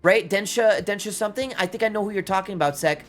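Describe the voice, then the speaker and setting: A streamer chatting casually and excitedly to viewers, rambling between thoughts and often exclaiming. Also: medium pitch, fast talker, faint music behind. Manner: excitable, rambling, says "dude" and "oh my God" often. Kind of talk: casual livestream chat.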